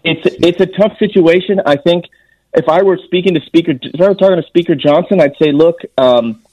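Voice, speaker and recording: A man's voice: a little high, fairly quick, darkish tone, dry recording, highs cut off. A man speaking as a guest on a radio interview, earnest and emphatic, restarting phrases as he argues his point. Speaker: guest, former intelligence officer.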